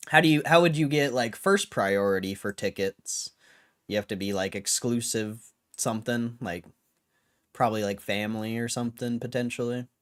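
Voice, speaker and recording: A young man hosting a livestream, chatting casually and reading viewer comments with a laid-back, rambling manner full of slang. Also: lowish voice. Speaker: livestream host.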